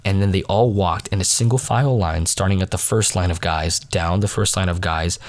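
A man's voice: sits low, normal speed. A young man hosting his own podcast, telling a story in a rambling, self-mocking way, full of filler words and a little sniffly. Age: young adult. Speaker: podcast host. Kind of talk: casual late-night storytelling monologue.

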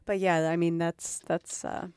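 A woman's voice: lowish voice, level tone, a little slow, darkish tone, smooth, no room sound. A woman joining a casual podcast chat, speaking a little tentatively and laughing often.

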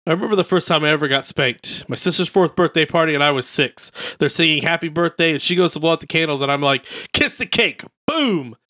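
Bright-voiced man reading jokes deadpan. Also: on the high side, fast talker, hardly any pauses, no room sound, studio quality. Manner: deadpan joke reading, crude banter. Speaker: podcast co-host. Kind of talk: casual podcast chat, reading comedians' jokes aloud.

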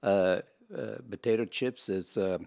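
A man's voice: lowish voice, measured pace, gravelly, a little mellow, no room sound, clean studio sound. A man co-hosting a casual podcast, joking with hesitant restarts. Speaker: podcast co-host. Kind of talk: casual chat.

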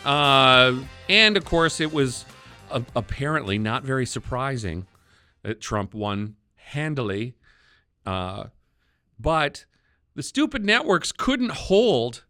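A man with a Wisconsin accent hosting a political podcast, wry and quick to chuckle. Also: mid-range voice, sharp tone, dry recording, studio quality. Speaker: podcast host.

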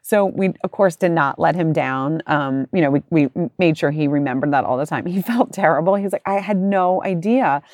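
A woman in her forties tells a story in a lowish voice, animated and chatty, slipping into other people's voices. The sound is close and dry, with no room around it. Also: brisk, few pauses, no echo. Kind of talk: casual storytelling.

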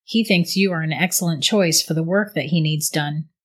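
A woman reading the lines of a tall, persuasive male tempter with a low, gruff voice, close to her own voice. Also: normal speed. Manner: coaxing, persuasive. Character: tall smooth-talking male tempter, devil's recruiter.

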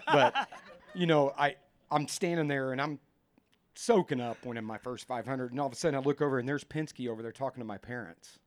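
Animated man in his fifties. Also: medium pitch, a little fast. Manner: animated, emotional storyteller. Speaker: racing team member. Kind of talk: casual storytelling.

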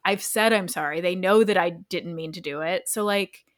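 A woman's voice: fairly low pitch, normal speed. A woman in casual conversation, telling a story with lots of filler words and self-deprecating laughs. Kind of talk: casual chat.

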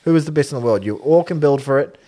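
A man co-hosting a casual rugby podcast, retelling events in an animated, exaggerated way. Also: on the high side, quick pace. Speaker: podcast co-host.

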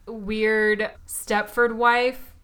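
Enthusiastic, bright-voiced woman co-host. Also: fairly high pitch, little pitch movement, slight background noise. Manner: enthusiastic, quick agreeing interjections. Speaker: podcast co-host. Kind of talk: casual film discussion.

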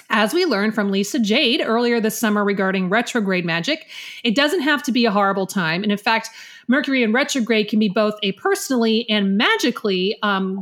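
A playful American woman co-hosting a casual podcast. Her voice sits a little high, and she teases her friends with mock seriousness. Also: a bit bright. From United States. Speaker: podcast co-host.

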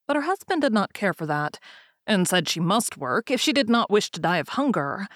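A woman narrating a fairy tale aloud in a calm, even storytelling manner. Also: mid-range voice, normal speed, no echo, studio quality.

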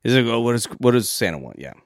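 A man's voice: mid-range voice, sing-song, quick pace. A man co-hosting a film podcast, bantering in a laid-back, joking way. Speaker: podcast co-host. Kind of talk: casual film chat.

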